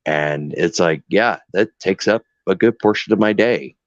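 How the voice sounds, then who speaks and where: Low-voiced man telling stories, muffled. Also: normal speed, dry recording. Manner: animated storyteller, acts out dialogues, swears freely. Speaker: guest caregiver. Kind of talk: casual chat. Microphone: online call. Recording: muffled lo-fi call audio.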